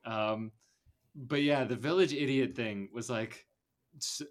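A man's voice: medium pitch, takes it slowly. A man co-hosting a podcast, talking casually about a film in a meandering way, full of fillers and restarts. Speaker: podcast co-host.

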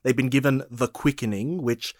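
A man with a medium-pitched voice walks through a film's story in a steady, explanatory way, with a few fillers. The recording is dry, with no room echo. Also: normal speed. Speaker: podcast co-host. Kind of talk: casual movie discussion.

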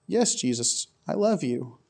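A man's voice: mid-range voice, sing-song, measured pace, creaky, darkish tone, heavily acted. A man voicing a remorseful man who denies, then pleads, in his own voice. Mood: pleading.

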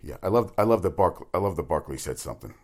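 Deep-voiced new guy doing a rambly sports talk show, blunt, cusses, keeps restarting. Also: expressive, quick pace, darkish tone. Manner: meandering, blunt, swears, many restarts. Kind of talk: rambling casual monologue.

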